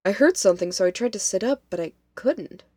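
A woman's voice: mid-range voice, animated, fairly quick, a little mellow, dry recording, close to an everyday voice. A woman voicing a young female college student who is rattled and insistent. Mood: recounting. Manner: shaken, insistent.

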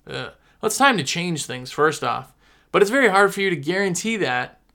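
A man, chatting casually to viewers as a sales rep and pushing his own pitch. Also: vocal fry, sharp tone. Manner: chatty, pushy, repeats himself for emphasis. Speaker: window cleaning product sales rep.

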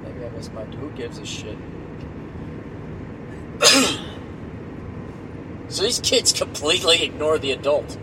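A man's voice: medium pitch, big pitch swings, slow pace, long pauses. A middle-aged man hosting his podcast alone while driving, talking in a blunt, profane, exasperated way. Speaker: podcast host. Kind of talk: solo rant while driving. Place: inside a moving car. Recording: road noise from a car.

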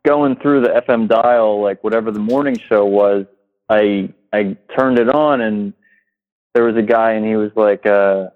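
A man calling in to a show, telling a story in a halting way with many fillers. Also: fairly low pitch. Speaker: caller. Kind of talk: casual storytelling on a call. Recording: tinny phone line.

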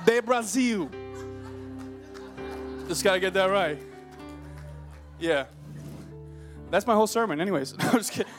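A man in his twenties preaching a sermon in a church, loud and joking, calling out to the crowd. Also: high voice. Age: 20s. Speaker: pastor. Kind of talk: energetic sermon. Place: church hall.

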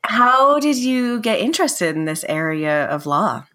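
A woman's voice: medium pitch, big pitch swings, measured pace, sharp tone. A woman co-hosting a podcast and interviewing a guest, chatty, laughing often and correcting herself as she goes. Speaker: podcast co-host, attorney.

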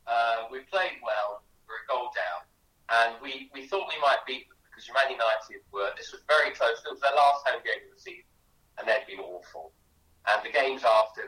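A man's voice: fairly low pitch, pushed and bright, roomy sound, recorded from a distance, low-quality recording. A man, a guest author on a radio interview, telling chatty anecdotes with many restarts. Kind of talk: animated storytelling in a radio interview.

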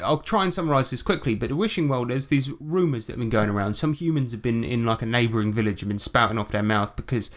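A man's voice: medium pitch, lively intonation, fast talker, hardly any pauses. Chatty man with fillers. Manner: chatty, laughs often, many fillers. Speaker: game master and podcast co-host. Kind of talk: casual podcast chat.

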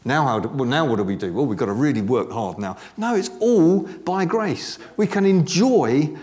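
Lively man preaching animatedly. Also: mid-range voice, moderate pace. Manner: animated, conversational, joking asides. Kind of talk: sermon. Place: church service with congregation responding.

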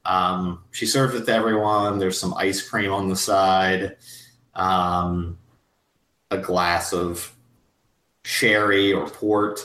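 A man's voice: sits low, little pitch movement, slow, a bit bright, recorded from a distance. A man, the game master, narrating a tabletop game in a loose, rambling way. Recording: roomy echo.

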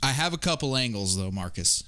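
Male podcast co-host, bright and smooth, casual analytical picks, stammers on restarts. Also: medium pitch, animated, brisk.

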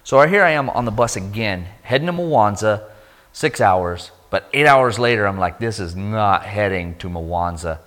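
A man giving a sermon testimony, telling his story with lively energy and acting out the voices of people he met. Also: fairly low pitch, normal speed. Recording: long hall reverb.

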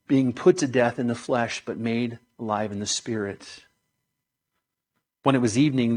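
A man preaching, reading scripture aloud in a solemn manner, slowing and dropping his voice on key phrases. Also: mid-range voice.

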